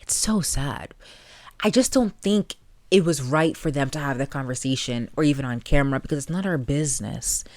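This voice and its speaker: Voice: medium pitch, normal speed, no room sound. Opinionated podcast host, dry close sound. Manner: opinionated, animated, talks to listeners directly. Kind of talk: casual solo commentary.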